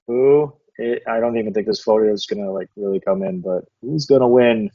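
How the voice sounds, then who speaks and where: A man's voice: lowish voice, brisk, breathy edge. A man casually co-hosting a fantasy football recap, laid-back and rambling, laughing often. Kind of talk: casual chat. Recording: dull lo-fi recording.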